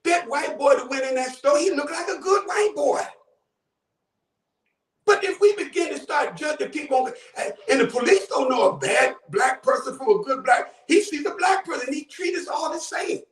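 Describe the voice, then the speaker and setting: A man's voice: extremely high pitch, animated, normal speed, echoey room, recorded from a distance. A man from Buffalo, New York, calling in to a talk show with fervent, preacher-like commentary, often raising his voice. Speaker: caller. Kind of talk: impassioned call-in commentary.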